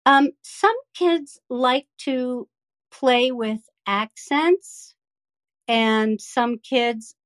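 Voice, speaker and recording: A woman's voice: fairly high pitch, extremely slow. A woman who coaches children in voice-over, answering interview questions with enthusiasm and examples.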